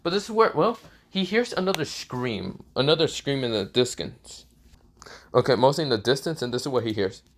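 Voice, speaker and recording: A man's voice: mid-range voice, expressive, moderate pace, noisy background. A man retelling a fan story casually, rambling with many fillers.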